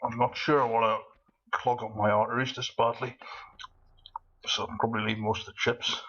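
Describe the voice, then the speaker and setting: A man's voice: medium pitch, little pitch movement, moderate pace, fairly bright tone, lo-fi sound. A man doing casual gameplay commentary with a cold, rambling in a manic way and laughing often. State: has a cold. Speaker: let's play commentator.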